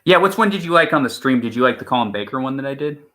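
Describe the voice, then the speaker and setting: A man's voice: medium pitch, expressive, rapid-fire, a bit bright. A man co-hosting a stream in casual chat, rambling and opinionated, with many restarts. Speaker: stream co-host.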